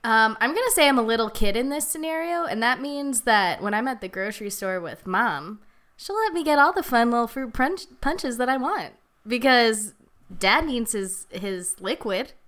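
A woman guesting on a comedy podcast, playful and quick. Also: a little high, lively intonation, fairly bright tone. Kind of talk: casual comedy podcast chat.

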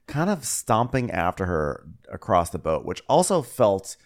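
A man's voice: lowish voice, big pitch swings, unhurried. A man co-hosting a podcast, chatting casually and acting out quotes from a reality show. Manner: chatty, quotes people in put-on voices. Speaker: podcast co-host. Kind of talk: casual recap chat.

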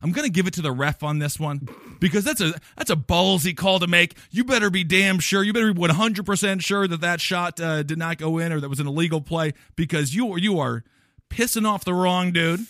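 Young man from Wisconsin, comic riffs, slightly high voice, dry close sound. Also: brisk, a bit bright, dry recording. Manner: riffing, jokey, puts on silly voices. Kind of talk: casual comedic chat.

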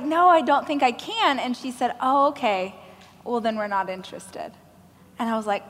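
A woman from Oklahoma giving a keynote on stage, telling a self-mocking story in an animated way and acting out the voices of other people. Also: fairly high pitch, moderate pace. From Oklahoma, United States. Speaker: motivational speaker giving a keynote. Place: large hall at a live event. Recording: live hall with long reverb, faint noise.

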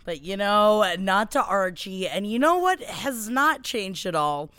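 A woman co-hosting a chatty TV recap podcast, blunt and swearing freely, laughing as she goes. Her voice is mid-pitched. The recording is close and dry. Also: expressive, a little slow, fairly bright tone, no echo. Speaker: podcast co-host. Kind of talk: casual recap chat.

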